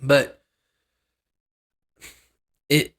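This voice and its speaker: A man's voice: drawn-out words, fairly bright tone. A man co-hosting a casual podcast chat, rambling and hedging with many restarts. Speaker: podcast co-host.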